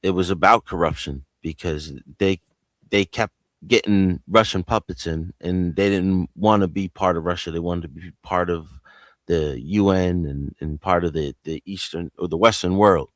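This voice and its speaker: A man co-hosting a livestream, talking politics in a halting, hesitant way full of fillers. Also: low voice, no echo. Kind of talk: casual political chat on a livestream.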